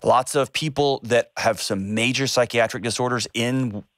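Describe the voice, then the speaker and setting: A man's voice: mid-range voice, fairly even intonation, moderate pace, fairly bright tone, no room sound, clean studio sound. A man hosting a call-in advice show, speaking earnestly and emphatically and repeating phrases for stress. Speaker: host.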